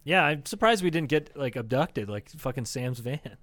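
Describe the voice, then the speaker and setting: A man's voice: medium pitch, animated, normal speed, a bit bright. A young man from northern Iowa co-hosting a comedy podcast, swearing a lot, laughing often and acting out quotes as he tells stories. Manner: profane, laughing, storytelling with acted-out quotes. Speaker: podcast co-host. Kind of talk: casual comedy podcast chat.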